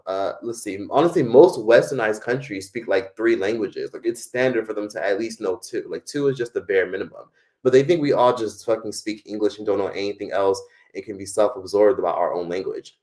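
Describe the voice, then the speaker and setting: A man's voice: on the low side, brisk, darkish tone. A young American man hosting a live stream, talking casually in a rambling, profane way with lots of fillers. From United States.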